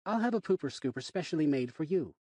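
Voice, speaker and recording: Man doing a nice lady with a dog, kinda higher voice, easygoing. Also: lively intonation, fast talker, darkish tone, husky, no echo, studio quality. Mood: friendly. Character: kindly woman dog walker.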